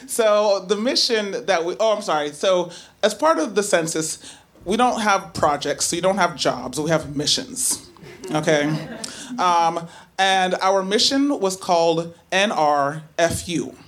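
A woman telling a true story on stage, chatty and animated, full of asides and filler words. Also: lowish voice, measured pace. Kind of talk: live first-person storytelling.

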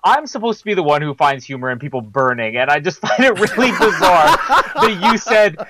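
A man's voice: a little high, very animated, a little fast, fairly bright tone, no echo, rough recording. A man co-hosting a film podcast in casual chat, rambling and teasing with chuckles. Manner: teasing, rambling, chuckles through his points. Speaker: podcast co-host.

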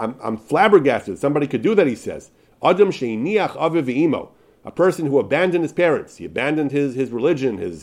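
A man giving a Torah class, reading out passages and then explaining them. His pitch swings widely, rising sharply on key points. He stumbles and restarts often but keeps an emphatic, driving delivery. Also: a little mellow. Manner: emphatic, with many restarts and repeated words. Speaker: Torah teacher.

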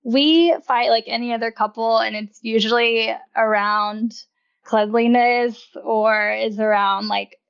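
A woman's voice: a little high, steady tone, unhurried, vocal fry, clear, resonant tone, dull audio. A woman in casual conversation as a guest, talking freely with a lot of "like" and laughing often. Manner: chatty, uses "like" constantly, laughs often. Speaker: podcast guest. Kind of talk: casual chat.

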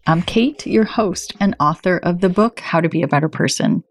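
A woman in her forties hosting a self-help podcast, talking in a warm, conversational and encouraging way. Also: lowish voice, a little fast, few pauses, faint music behind. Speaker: podcast host.

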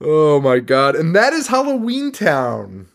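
A man's voice: a little high, huge pitch swings, a little slow, vocal fry. A man co-hosting a podcast in casual chat, sarcastic and swearing freely, often laughing. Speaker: podcast co-host.

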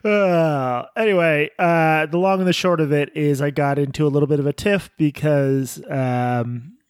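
A man co-hosting a podcast in casual, teasing chat, animated and quick to talk over his partner. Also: on the high side, smooth, no room sound, studio quality. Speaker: podcast co-host.

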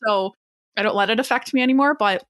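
A woman's voice: fairly high pitch, fast talker, a bit bright, no echo, studio quality. A young adult woman hosting a casual interview, talking in a chatty, filler-heavy way and quoting people with lots of animation. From Metro Detroit area.

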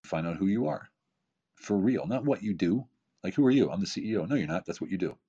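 A man in his fifties with a very deep, husky voice talks casually but emphatically as a podcast guest. He hammers points home with rhetorical questions and repetition. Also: expressive, fast, warm tone, dull audio, soft background music. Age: 50s. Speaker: podcast guest, keynote speaker and author. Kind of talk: casual motivational talk.

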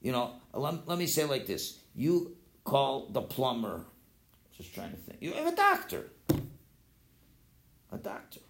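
A man teaching an informal Torah philosophy class, lively and conversational, acting out quoted voices and often restarting his sentences. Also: medium pitch, normal speed, vocal fry, a little hiss or hum. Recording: roomy echo.

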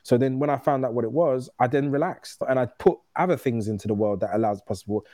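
A man in his thirties talks candidly as a guest and tells stories in an easy, conversational way. His voice is mellow and warm, sits in a middle register, and is recorded dry and close with no room sound. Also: mid-range voice, dry recording. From United Kingdom. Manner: candid, storytelling, quick restarts. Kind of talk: casual conversation.

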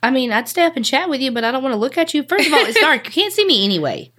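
A woman's voice: sits high, sing-song, very fast, a bit bright, husky. A woman co-hosting a podcast, chatting casually and reacting bluntly. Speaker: podcast co-host. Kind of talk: casual chat.

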